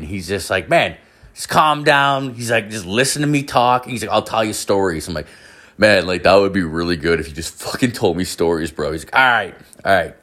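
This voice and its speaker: A man's voice: fairly low pitch, a bit bright. A young man hosting a podcast who tells a story in a loose, rambling way, swearing often, piling on filler words and acting out other people's lines in a raised voice. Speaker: podcast host. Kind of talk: casual storytelling monologue.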